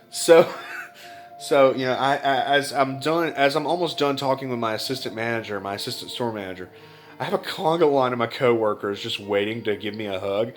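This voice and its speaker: Young adult male vlogger, blunt and profane, storytelling, mid pitch, light music bed. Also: animated, normal speed. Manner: blunt, heavy swearing, emotional retelling. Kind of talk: casual storytelling vlog.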